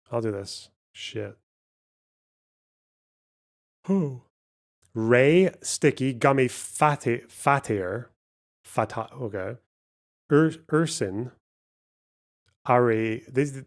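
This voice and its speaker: A man with a medium-pitched, creaky voice hosts a casual live stream, reading donations aloud and thinking through a word puzzle while muttering and swearing.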